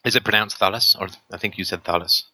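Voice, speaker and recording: A man's voice: sits low, fairly even intonation, quick pace, pushed and bright. A man hosting a call-in show, talking emphatically with rhetorical tag questions and plenty of ums and uhs. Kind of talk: casual argumentative talk on a call-in show.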